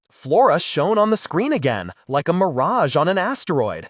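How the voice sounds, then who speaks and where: A man narrating a hardboiled sci-fi audiobook in the first person, wisecracking and expressive. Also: on the high side, measured pace, no room sound, clean studio sound.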